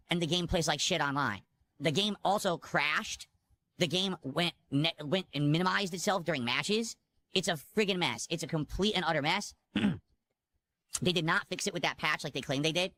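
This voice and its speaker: A man's voice: on the high side, bright, forceful tone. A man in a played stream clip, complaining emphatically and repetitively about a game. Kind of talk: streamer monologue.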